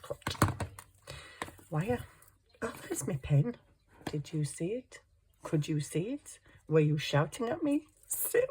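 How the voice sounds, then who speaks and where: Working on a wire craft piece, the vlogger keeps up a relaxed running chat aimed at viewers and at herself. Her voice is low-pitched, mellow and husky.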